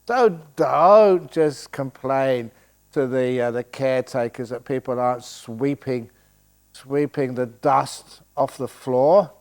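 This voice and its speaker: A man's voice: mid-range voice, slow pace, a little mellow. Older man, meditation teacher, playful dharma talk, chuckling asides. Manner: playful, joking, laughing often.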